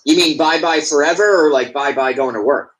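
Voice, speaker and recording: A man's voice: fairly high pitch, brisk, fairly bright tone, rough recording. Goofy man telling stories on a call. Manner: storytelling, goofy, hesitant restarts. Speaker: call-in guest. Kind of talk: casual chat over a video call. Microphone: video call.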